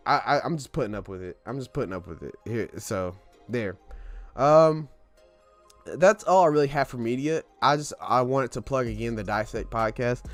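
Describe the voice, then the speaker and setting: Candid young man hosting a casual podcast. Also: mid-range voice. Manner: candid, rambling, joking, swears freely. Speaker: podcast host. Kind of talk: casual solo podcast monologue.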